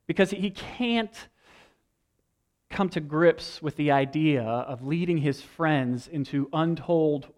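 A young adult man preaching a sermon, telling a story with lively energy and acting out lines from a movie. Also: on the high side. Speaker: pastor.

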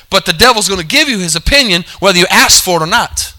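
A man's voice: sits high, lively intonation, quick pace, hardly any pauses, bright, forceful tone. A man preaching a sermon, calling for amens, repeating his points and correcting himself mid-sentence. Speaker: pastor.

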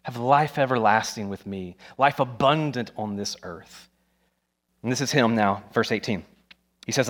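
Male pastor, mid-pitched, lively sermon delivery with playful asides. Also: normal speed. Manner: animated, acts out scenes with voices.

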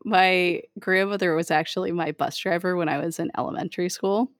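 A woman around forty hosting an interview, chatty and quick to laugh as she tells stories. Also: lowish voice, steady tone, dry recording, clean studio sound. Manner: giggly, chatty storyteller. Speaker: podcast host. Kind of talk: casual interview chat.

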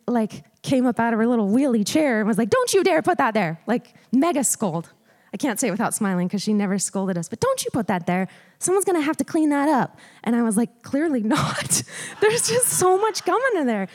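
A woman's voice: fairly high pitch, darkish tone. A woman in her thirties giving a personal testimony in church, chatty and storytelling, full of "like" and "um". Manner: storytelling, conversational with frequent "like" and "um". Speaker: guest speaker. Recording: long hall reverb.

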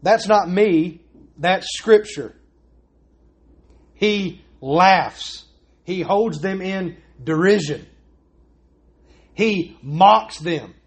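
A man preaches from the pulpit, his voice pitched high for a man. He is earnest and emphatic, pressing his points home and leaning on rhetorical questions. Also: drawn-out words, pauses often. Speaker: pastor. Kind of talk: sermon.

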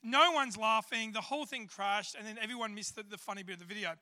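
A man's voice: sits high, racing, pushed and bright. An Australian man giving a chatty, self-deprecating sermon in a church service, with plenty of fillers. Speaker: church speaker. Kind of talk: sermon with humorous storytelling. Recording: long reverb of a church hall.

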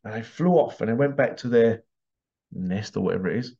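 A man hosting a show, giving a monologue with animated storytelling and rhetorical questions. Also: mid-range voice, a little fast, creaky, muffled recording. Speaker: host. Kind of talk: monologue commentary.

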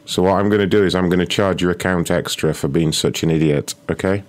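A man hosting a prank call livestream, mocking and insulting callers in a rude, deadpan way. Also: low voice, fast. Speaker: prank call show host.

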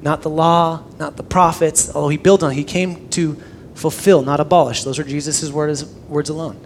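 A young man preaching with a high, bright-pitched voice, animated and quick to swing from loud emphasis to soft near-whispers. His sermon carries a faint layer of background noise. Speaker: pastor.

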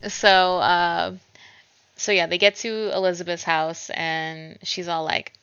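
A woman with a low, gravelly yet bright voice, chatting casually as she recaps a movie. She tells it with animated energy, slipping into the characters' lines. The sound is dull and lo-fi. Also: slow, a little hiss or hum. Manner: animated storyteller, acts out characters, laughs often. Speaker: podcast co-host. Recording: dull lo-fi recording.

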